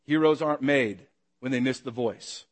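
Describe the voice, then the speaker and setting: A man preaching a sermon, asking the congregation rhetorical questions and acting out calls and shouts. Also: mid-range voice, normal speed, long reverb tail. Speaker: pastor.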